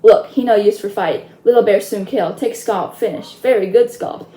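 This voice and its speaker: A woman's voice: mid-range voice, normal speed, dark tone, natural voice. A woman voicing a proud, sly tiny warrior chief who talks in clipped broken phrases, in a roomy space. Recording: roomy echo.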